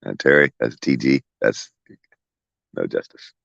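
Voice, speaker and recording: A man's voice: extremely low pitch, expressive, unhurried, gravelly, a bit bright, no echo, lo-fi sound. A man, chatting casually from his porch and telling profane, folksy stories with plenty of laughter. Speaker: vlogger talking to his viewers and pets. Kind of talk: rambling casual porch chat. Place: outdoors on a home porch.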